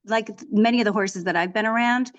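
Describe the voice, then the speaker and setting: A middle-aged woman talking casually as a guest in an interview. She tells her stories in an animated, chatty way, often restarting her sentences. Her voice sits at an ordinary middle pitch. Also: quick pace, dull audio. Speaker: author and equine therapist, guest.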